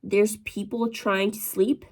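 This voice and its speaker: A woman's voice: medium pitch, little pitch movement, slow, a little mellow, close to an everyday voice. A woman voicing a rude older female hospital receptionist who scolds curtly. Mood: scolding. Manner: curt, scolding.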